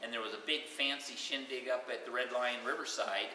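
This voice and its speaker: An older man telling stories at his own retirement party, animated and acting out the voices of the people in them. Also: medium pitch, fairly quick, a little hiss or hum. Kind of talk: storytelling to a crowd. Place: hall at a party, heard from afar. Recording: roomy hall, voice far from the mic.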